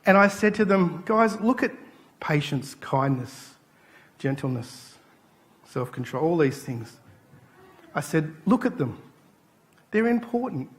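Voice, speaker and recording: A man's voice: on the high side, slow pace, pauses often. A man preaching a sermon in a church, telling stories and acting out the people in them. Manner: animated storytelling, acting out quoted voices. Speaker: pastor.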